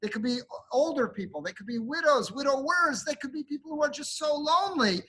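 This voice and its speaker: A man, a rabbi, giving an earnest sermon to his congregation, often building to emphatic, animated peaks. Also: very high-pitched, brisk, low-quality recording. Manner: speaks to a congregation while showing a card.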